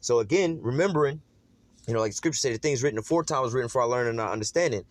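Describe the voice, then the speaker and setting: A man preaching an informal sermon in a casual, streetwise way, slowing down to read scripture aloud. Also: mid-range voice, dry recording. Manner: casual and streetwise, calling listeners "man" and asking "all right?".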